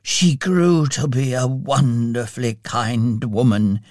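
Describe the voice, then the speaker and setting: Man putting on old miser, wistful and regretful, unhurried storybook read, dry sound. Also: mid-range voice, fairly even intonation, darkish tone, no room sound, close to an everyday voice.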